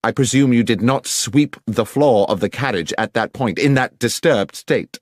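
Reading an audiobook, a man plays a brisk, incisive male detective with crisp, precise diction. The mid-range voice is pitched above his own but stays close to an everyday voice, captured in clean, dry studio sound.

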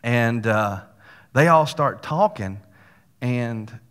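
A man with a drawl delivers a sermon as a folksy story, tossing in little asides to his church. His voice carries a long reverb through a church sanctuary, with a pitch that sits right in the middle for a man. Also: expressive, very slow, a bit bright, clear, resonant tone. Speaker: pastor.

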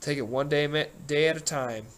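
A man's voice: on the high side, a little fast, fairly bright tone, natural voice. A man voicing a wry, teasing male banker who needles others with dry sarcasm.

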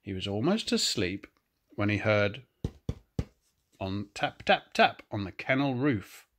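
An older man reading a children's picture book aloud, gentle and expressive. He takes his time, lingering on each page. His pitch rises and falls in a lively, storytelling way. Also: slow pace. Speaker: grandfather storyteller.

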